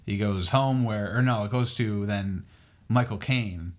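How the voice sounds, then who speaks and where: A man co-hosting a casual podcast, recapping a movie in a halting way with many fillers. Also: lowish voice. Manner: halting, filler-heavy storytelling. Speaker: podcast co-host.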